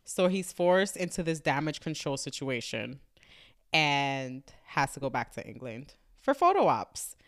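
A woman with a somewhat low voice co-hosts a podcast in casual chat. She recaps a story in a chatty way and swears freely. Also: big pitch swings, unhurried, no room sound, clean studio sound. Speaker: podcast co-host.

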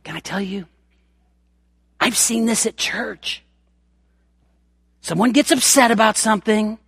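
Guy preaching a sermon, folksy and punchy, pretty high pitched voice. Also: measured pace, gravelly, a bit bright, husky, dry recording, clean studio sound. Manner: emphatic, folksy preaching with dramatized scripture quotes.

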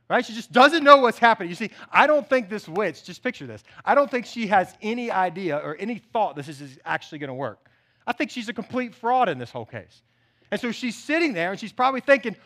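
A male pastor delivers a sermon in an animated, chatty style with frequent asides. His voice is high and bright, and his tone is forceful. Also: fairly quick. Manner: animated, conversational preaching with asides to the church.

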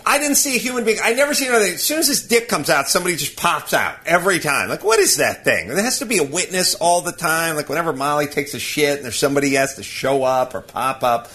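A man's voice: fairly high pitch, sing-song, quick pace, hardly any pauses, bright, forceful tone. A man hosting a podcast, ranting and laughing through a casual comic story. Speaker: podcast host.

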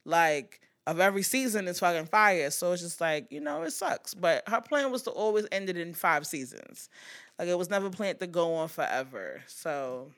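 A woman hosting a podcast with a bright, forceful tone. She talks bluntly and swears freely, acting out quotes in an animated way and firing off fast asides. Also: fairly low pitch. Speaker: podcast host. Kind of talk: casual pop-culture chat.

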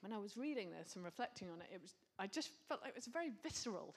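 A woman's voice: medium pitch, very animated, fast, few pauses. A woman preaching a sermon, earnest and reflective, with casual asides.

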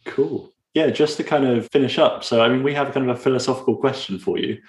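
A man's voice: mid-range voice, fast talker, a little mellow. A British man co-hosting an interview, chatting in a friendly way with lots of "you know" and "kind of". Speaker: podcast co-host. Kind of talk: casual interview chat. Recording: echoey room.

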